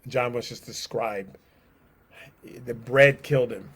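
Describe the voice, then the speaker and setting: A man teaching a casual bible study, conversational and animated, often acting out the people in the story. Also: mid-range voice, measured pace, pauses often, slightly rough. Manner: animated, acts out scenes, conversational.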